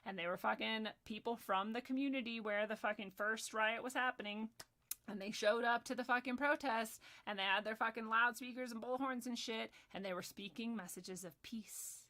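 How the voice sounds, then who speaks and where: A young woman giving heated personal commentary, swearing often and swinging between loud ranting and soft, quiet asides. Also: fairly high pitch, normal speed. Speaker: video commentator.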